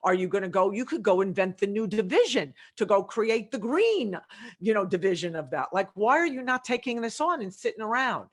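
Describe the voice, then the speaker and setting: A woman's voice: medium pitch, a little fast. A middle-aged woman, a leadership consultant, talking in a podcast interview and acting out conversations as she tells stories. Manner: animated storytelling with quoted dialogue.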